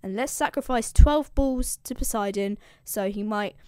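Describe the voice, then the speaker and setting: A woman's voice: medium pitch, moderate pace, darkish tone, clear, resonant tone, no echo, clean studio sound, lightly acted. Woman doing a flustered, slangy island king.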